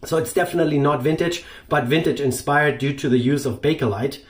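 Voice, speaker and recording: A man's voice: fairly high pitch, fairly quick. A man hosting a shaving channel, talking through his gear in a loose, rambling way with many fillers. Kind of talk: casual product review.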